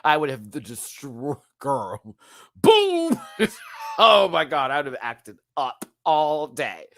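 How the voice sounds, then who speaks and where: Male host, expressive and slangy, wide swings in pitch, dry close-miked sound. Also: slow, gravelly, dry recording. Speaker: show host. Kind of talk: live episode review.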